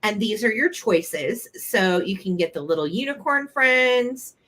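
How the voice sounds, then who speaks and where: Woman, live sale host, bright tone, casual and joking. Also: mid-range voice, animated, a little slow, poor audio. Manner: chatty, playful, describes items.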